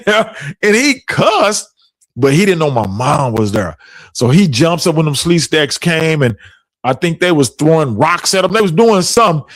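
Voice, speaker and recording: Middle-aged male podcast host, lively storyteller with a fairly high voice who laughs a lot, dry close sound. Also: dry recording. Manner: animated, laughs often while telling stories. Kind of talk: casual storytelling chat.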